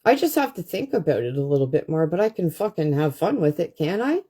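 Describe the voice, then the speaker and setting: A woman's voice: low voice, big pitch swings, a little fast, mellow, slightly rough. A woman on a phone livestream, ranting bluntly to her viewers and swearing constantly. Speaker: livestream host. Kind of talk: profane ranting livestream monologue.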